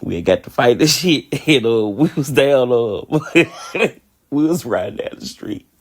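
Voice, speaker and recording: A man's voice: mid-range voice, expressive, unhurried, husky. A man hosting a podcast, telling a personal story in a candid, profane way and laughing often. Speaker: podcast host.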